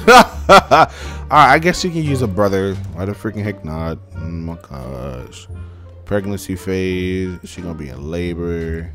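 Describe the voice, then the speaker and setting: Excitable young man doing game commentary. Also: deep voice, takes it slowly, soft background music. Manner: excitable, animated, talks to viewers as "y'all". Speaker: gaming channel host. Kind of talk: casual let's-play commentary.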